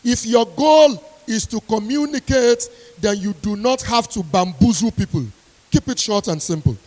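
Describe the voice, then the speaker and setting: A woman's voice: on the high side, animated, normal speed, darkish tone. A woman university lecturer giving an emphatic motivational speech to an audience, repeating her key lines sternly. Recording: long hall reverb.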